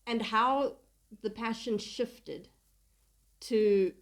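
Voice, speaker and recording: A woman's voice: on the high side, drawn-out words. A woman co-hosting a casual podcast book chat, self-deprecating and giggly, often searching for the right words. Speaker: podcast co-host and reader.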